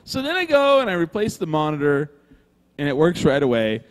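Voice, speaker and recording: A man telling a rambling story in casual, animated fashion, swearing freely and acting out the other people's lines, recorded live in a brewery room. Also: a little high, a little fast, big-room sound. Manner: animated, swears freely, acts out quoted voices. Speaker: podcast co-host telling a story.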